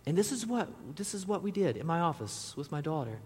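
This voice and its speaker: The speaker is a pastor whose fairly high, husky voice swings widely in pitch as he talks briskly. He preaches conversationally, sometimes speaking straight to the congregation, and a large hall's long reverb surrounds the recording.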